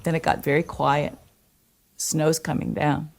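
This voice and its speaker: A woman's voice: low-pitched, a little slow, gravelly. An older woman in an archival interview, telling stories from her own life and acting out the voices of people she quotes. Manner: animated, acts out quoted voices. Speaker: interviewee recalling her past.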